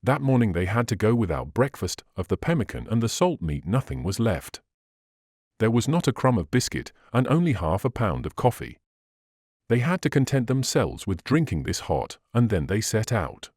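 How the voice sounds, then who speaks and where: A man narrating a classic adventure novel as an audiobook reader, in an expressive, measured way. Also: lowish voice, breathy edge, no echo, clean studio sound. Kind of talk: scripted narration.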